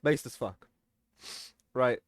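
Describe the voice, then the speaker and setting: A young man reviews a TV episode, recapping it slowly in a rambling, casual way, swearing freely and throwing in sarcastic mock quotes of the characters. The recording is dry with clean studio sound.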